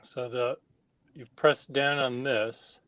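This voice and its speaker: Minnesota guy, really slow and easy, talks through what he's doing. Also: mid-range voice, steady tone, fairly bright tone. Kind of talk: casual chat.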